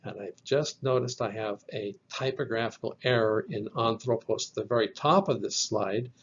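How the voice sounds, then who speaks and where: A man teaching from slides, explaining each term slowly and carefully and spelling words out letter by letter. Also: on the low side, lo-fi sound, a little hiss or hum. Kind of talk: slide lecture.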